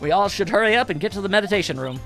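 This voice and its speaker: A brash young photographer with a high, bouncy Southern twang, as a man plays her. She talks loud and bubbly, all sparkle and swagger, in a bright, lively game-character voice. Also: racing, creaky, soft background music, full character voice. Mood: eager.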